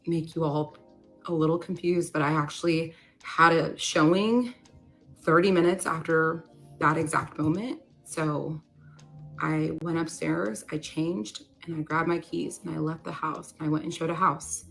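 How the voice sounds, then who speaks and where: A woman's voice: sits low, fairly even intonation, measured pace, vocal fry, faint music behind. A young woman casually telling a personal story in a confessional way, peppering her speech with "like". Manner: conversational, many "like" fillers.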